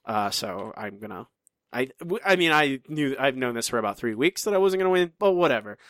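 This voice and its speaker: A podcast co-host runs a trivia game in casual chat, teasing others and poking fun at himself. His medium-pitched voice has lively intonation, a fairly quick pace, and a fairly bright tone. The recording is studio quality with no room sound.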